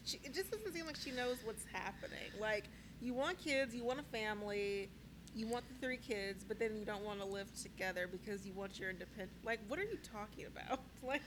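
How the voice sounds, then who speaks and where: A woman's voice: medium pitch, a little fast, noisy background. A woman co-hosting a casual chat, recapping a reality show, laughing often and full of "like" and "um". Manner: chatty, laughs often, says "like" and "um". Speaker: podcast co-host.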